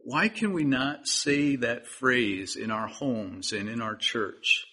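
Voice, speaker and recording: A man's voice: medium pitch, animated, slow pace, sharp tone, breathy edge. A man preaching a sermon as pastor, earnest and pleading, speaking directly to his listeners.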